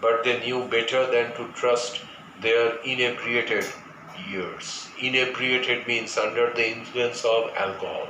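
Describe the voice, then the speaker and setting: A man's voice: medium pitch, little pitch movement, measured pace, muffled recording. A man with an Indian English accent teaching a class, explaining a story line by line and glossing words in Bengali. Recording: echoey room with background noise.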